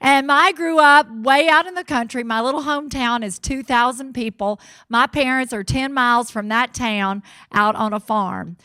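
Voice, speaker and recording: A woman from Mississippi with a Southern accent, giving an energetic, folksy motivational keynote on a stage mic. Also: on the high side, normal speed, hardly any pauses, smooth, dry recording. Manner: energetic, folksy, cheering the crowd on. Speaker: motivational speaker. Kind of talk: keynote speech to a live audience.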